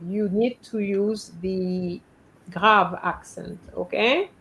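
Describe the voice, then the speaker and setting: Slow, patient woman teaching French online. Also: mid-range voice, vocal fry, a bit bright, rough recording. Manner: patient, correcting students one by one. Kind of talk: live online lesson.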